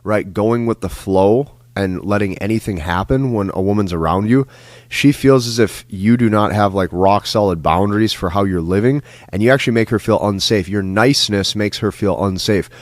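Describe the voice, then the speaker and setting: A dating coach with a lowish voice gives a lecture-style advice monologue at a moderate pace. He's emphatic and repetitive, often ending lines with "like" and "right?", and there's no room sound.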